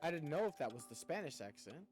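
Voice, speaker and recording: A man's voice: a little high, very animated, fast, darkish tone, faint music behind. Chatty, rambling male streamer. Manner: rambling and chatty, laughs often. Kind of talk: casual chat while gaming.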